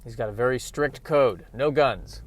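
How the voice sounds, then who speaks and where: A man rambling casually in a deadpan way, with lots of hesitant fillers. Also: mid-range voice, normal speed, a little hiss or hum. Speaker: vlogger.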